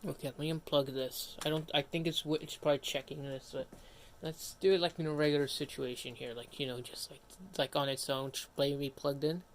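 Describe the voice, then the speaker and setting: A man's voice: a little high, little pitch movement, a little fast, a little hiss or hum. Rambling young-sounding male streamer, casual. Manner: rambling, self-interrupting, casually grumbling. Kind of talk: casual livestream commentary.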